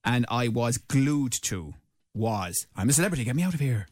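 A man's voice: mid-range voice, lively intonation, normal speed, darkish tone. A man hosting a radio show, with chatty, teasing, opinionated banter. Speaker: radio host. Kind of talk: casual radio chat.

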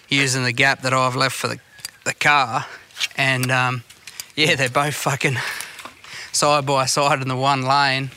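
A man's voice: mid-range voice, bright, forceful tone, slight background noise. A man telling sweary, rambling stories in casual chat. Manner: sweary storytelling.

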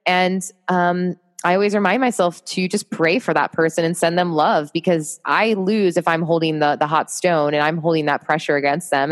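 Upbeat woman with a low voice. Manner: upbeat, motivational, laughs often. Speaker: podcast guest, marketing entrepreneur. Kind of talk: casual interview chat.

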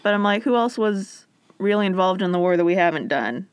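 A playful woman chatting with a friend, her voice swooping widely in pitch. It is recorded dry and close, with no room sound. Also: lively intonation, a little fast, clear, resonant tone, no echo. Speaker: co-host guessing state mottos. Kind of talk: casual chat.

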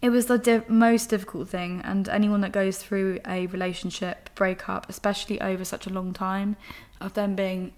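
Frank young woman, flat delivery. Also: medium pitch. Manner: frank and emotional, swears casually. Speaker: podcast host. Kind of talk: candid personal monologue.

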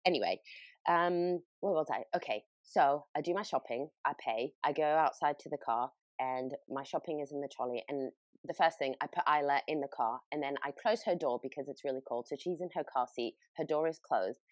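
A woman's voice: low-pitched, a little fast, dry recording. A woman with a British accent, a podcast host telling a story in casual chat, laughing often. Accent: British English.

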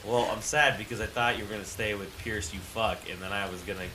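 A man's voice: on the low side, steady tone, fast talker, background noise. A man playing a tabletop game, rambling and giggling through casual banter. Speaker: player.

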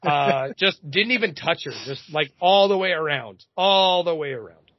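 A man in his thirties, a podcast host, telling a comedic story in an animated, profane way. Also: fairly high pitch, moderate pace, no room sound, lo-fi sound. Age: 30s.

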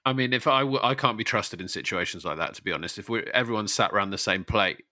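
Fast, bright-voiced man chatting. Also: on the low side, dry recording, studio quality. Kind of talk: casual chat.

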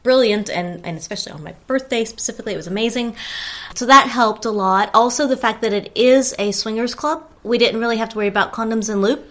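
A woman co-hosting a podcast in casual chat, relaxed and wry. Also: on the high side, fast. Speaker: podcast co-host.

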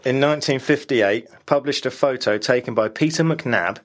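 A man's voice: medium pitch, normal speed, few pauses. A man co-hosting a podcast in casual chat, laughing often and poking fun at himself as he walks through old evidence. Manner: chatty, laughs often, self-deprecating. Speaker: podcast co-host.

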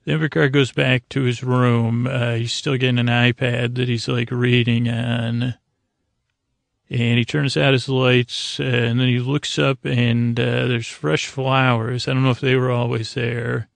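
A male podcast host talks through an episode in a loose, rambling way, full of ums and restarts and tossing in playful jokes. His voice has a gravelly edge and stays fairly level in pitch. The sound is close and dry, with no room echo. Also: level tone, a little slow. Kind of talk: casual episode recap.

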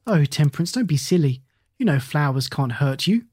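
A warm-hearted eccentric aunt in a children's story, read by a narrator. She talks gently and reassuringly, with a mid-range voice. The recording is close and dry. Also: mid-range voice, expressive, moderate pace, husky, dry recording. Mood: gentle. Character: cheerful, kindly eccentric aunt. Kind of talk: storybook character voice.

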